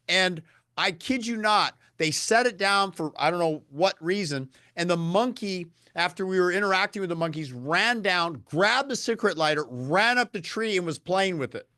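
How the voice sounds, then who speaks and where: A man's voice: high voice, expressive, normal speed, sharp tone, dry recording, studio quality. A man talking as a podcast guest, telling enthusiastic stories and explaining nutrition in a casual conversation. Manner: enthusiastic storyteller, lectures on nutrition. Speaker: podcast guest, health and longevity speaker.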